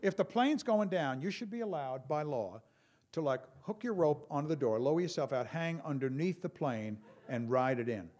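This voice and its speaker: A man performing a stand-up comedy routine on stage, telling stories with lively impressions of other people. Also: on the high side, moderate pace. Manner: animated storyteller, mimics calm pilots and a Brooklyn guy. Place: stage before a live audience.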